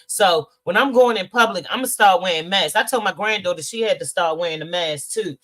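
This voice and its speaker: A woman's voice: on the low side, brisk, fairly bright tone. Candid, teary middle-aged woman podcaster. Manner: candid, emotional, swears freely. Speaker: podcast host. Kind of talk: casual livestream chat, reading viewer comments.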